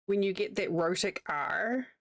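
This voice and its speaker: A woman's voice: mid-range voice, lively intonation, a little slow, no echo, clean studio sound. A young woman with a New Zealand accent, chatting casually with her livestream audience while she crochets, rambling and answering chat as she goes. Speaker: streamer.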